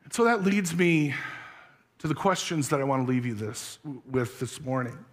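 A pastor preaching a sermon, earnest, asking the congregation searching questions. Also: male voice, medium pitch, animated, normal speed. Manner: tells a story with acted voices.

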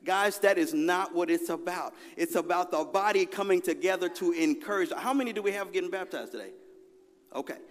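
A man, preaching a lively, conversational sermon with call-and-response and a personal story in a large church. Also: high-pitched. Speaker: pastor. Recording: long hall reverb.

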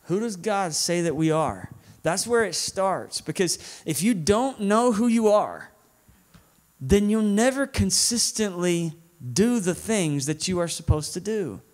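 A man's voice: high-pitched, expressive, unhurried. Conversational Southern man preaching a sermon. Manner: conversational, often asks "right?". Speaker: guest preacher.

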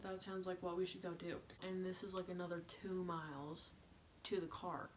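A young woman recounts a trip in a casual story-time vlog, talking in a bubbly, rambling way and filling her sentences with "like." Her voice sits a little low for a woman. A faint hum of room ambience sits under her speech. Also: normal speed. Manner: chatty, animated, heavy use of "like". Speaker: vlogger.

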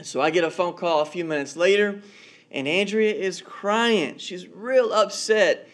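A pastor with a notably high-pitched voice delivers a relaxed, talky sermon. He tells personal stories and doubles back on his words as he thinks aloud. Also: measured pace. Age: adult, married father. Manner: storytelling, repeats words as he goes. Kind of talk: conversational sermon.

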